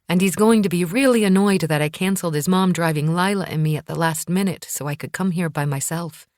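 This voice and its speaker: A woman narrating a first-person thriller audiobook in a calm, measured way. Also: fairly low pitch, no room sound, clean studio sound.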